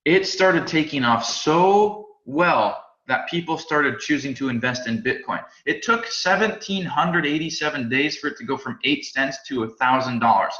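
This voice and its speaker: Guy teaching a class, bright forceful voice, echoey room, kinda dull sound. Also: on the high side, moderate pace, few pauses. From United States. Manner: energetic, chatty, repeats and restarts words. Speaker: crypto trading instructor. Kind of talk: live class presentation. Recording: roomy, slightly dull sound.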